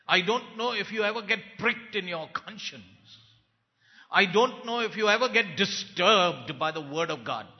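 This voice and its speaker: Slow gravelly preacher in a large hall. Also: male voice, high voice. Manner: dramatic swings between soft and loud delivery. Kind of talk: sermon. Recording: dull, echoey hall sound.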